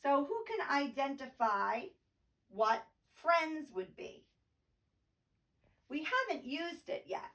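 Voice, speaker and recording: A woman teaches a poetry lesson from home, speaking very slowly and patiently in a slightly high voice. She sits back from the microphone, so her voice sounds a little distant. Now and then she taps out the rhythm of the verse aloud. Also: big pitch swings, sharp tone. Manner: slow, patient explaining, tapping out rhythm aloud.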